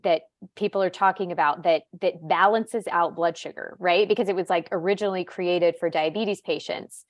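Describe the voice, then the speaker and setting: Low-voiced woman hosting, dry sound. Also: steady tone, no room sound. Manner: curious, asks quick follow-up questions. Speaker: podcast host. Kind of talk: conversational podcast interview.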